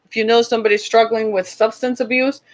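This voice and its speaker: Fast and flat in delivery, her voice sits on the high side. She hosts an online livestream, earnestly and preachily addressing viewers with repeated demands that they listen.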